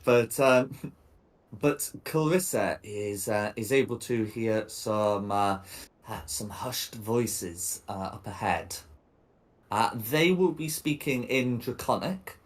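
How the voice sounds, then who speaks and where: A man narrating a tabletop game as game master, pausing often with fillers as he describes the scene. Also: lowish voice. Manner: hesitant, many fillers.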